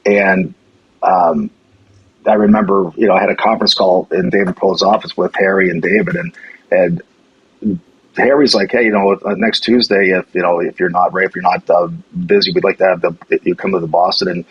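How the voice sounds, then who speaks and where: Middle-aged guy spinning stories on a podcast, low raspy voice, kinda muffled lo-fi sound. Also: brisk. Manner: animated storyteller acting out quoted lines, many restarts. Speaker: former hockey general manager, guest. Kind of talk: casual chat, storytelling.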